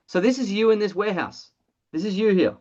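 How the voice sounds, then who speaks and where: Blunt, excitable trainer voice, mid pitch, muffled video-call audio, casual swearing. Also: a little fast. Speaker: presenter of an online training call. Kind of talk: energetic sales training webinar.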